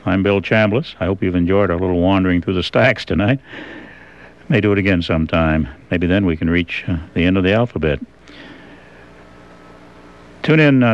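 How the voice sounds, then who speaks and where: A man hosting a radio show of old records, talking in a relaxed, rambling way with many pauses and fillers. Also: deep voice. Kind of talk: casual radio presenting. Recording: dull lo-fi radio sound.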